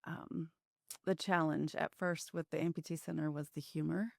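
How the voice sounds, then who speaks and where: A woman's voice: deep voice, steady tone, moderate pace, gravelly, dry recording, clean studio sound. A woman hosting a podcast, chatting casually and reacting to her guest. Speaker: podcast host. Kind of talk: casual interview chat.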